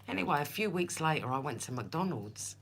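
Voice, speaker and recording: A woman's voice: sits low, animated, brisk. A chatty woman hosts a live tarot stream. She tells stories in a loose, rambling way and talks straight to her viewers by name. A faint hum sits under her voice. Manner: chatty, laughing storyteller who speaks to viewers by name. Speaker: tarot reader.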